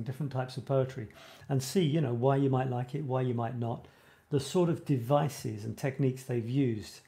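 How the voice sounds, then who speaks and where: Mellow and medium in pitch, the host of a creative writing show chats casually on a live stream. He rambles, frequently stops partway through sentences, and chuckles at himself.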